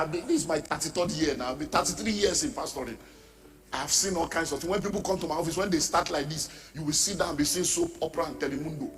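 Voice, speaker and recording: A man's voice: high voice, a bit bright, in a large hall. A middle-aged Nigerian man preaching a sermon as pastor, emphatic, dropping into pidgin asides and mimicking the people he talks about.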